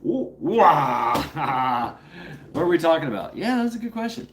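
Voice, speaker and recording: Lively, rambling man streaming live. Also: on the high side, a little slow, slight background noise. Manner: rambling and playful, greets chatters by name; breaks into a playful coaxing voice with his dog. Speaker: livestream host. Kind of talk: casual live chat with viewers.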